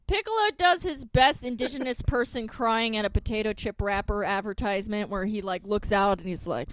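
A woman's voice: mid-range voice, normal speed, hardly any pauses, a little hiss or hum. A woman retelling a cartoon episode in casual comedic chat, acting out lines with silly voices. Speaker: podcast co-host recapping an anime.

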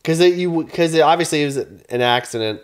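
A man in his thirties, a podcast co-host, telling an animated story in casual chat, swearing and acting out his own yelling. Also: fairly high pitch, brisk.

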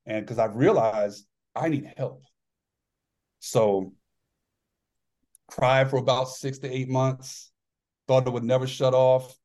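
He is a podcast guest, once an athlete and now an author, recounting a personal story with candor, earnestness and reflection while acting out the dialogue. He talks slowly and pauses often, in a medium-pitched, slightly mellow voice with fairly even intonation.

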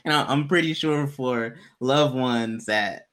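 A man casually telling a personal story to a co-host, in a laid-back, slangy way that turns animated when he quotes people. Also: mid-range voice, slow pace.

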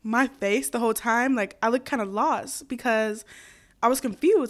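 A woman's voice: on the high side, normal speed. Giggly chatty young woman storyteller. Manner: chatty, giggly, heavy filler words. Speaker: podcast host. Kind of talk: casual storytelling.

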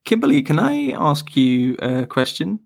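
A man as a podcast guest, explaining his views thoughtfully with pauses and restarts. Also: on the high side, very animated, vocal fry, dry recording, studio quality. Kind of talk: casual interview chat.

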